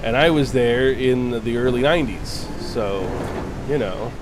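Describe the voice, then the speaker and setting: A man's voice: medium pitch, unhurried, background noise. A man streaming a game live, chatting casually with viewers, joking, teasing and swearing freely.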